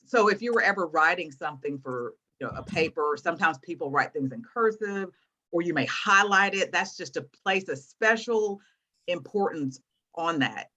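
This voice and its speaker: Animated woman teaching a video-call class. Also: low-pitched, normal speed. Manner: animated, encouraging, explains with examples. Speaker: guest teacher.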